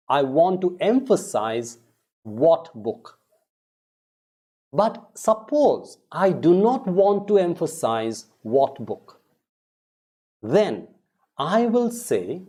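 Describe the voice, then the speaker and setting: A man teaching English pronunciation, saying each word slowly and repeating it for practice. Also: a little high, sing-song, warm tone. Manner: slow, drawn-out, repeating words for practice. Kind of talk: pronunciation lesson.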